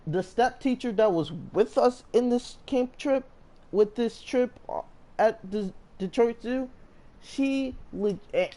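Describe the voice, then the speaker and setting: A man's voice: high-pitched, dark tone. A man telling a story in a casual storytime monologue. He rambles with energy and keeps restarting his sentences. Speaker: storyteller vlogger.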